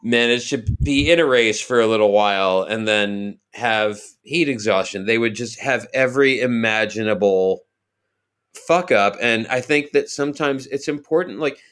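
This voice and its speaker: A man's voice: medium pitch, moderate pace, a bit bright, clear, resonant tone. A man co-hosting a casual sports podcast, with a wry, rambling way of talking. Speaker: podcast co-host.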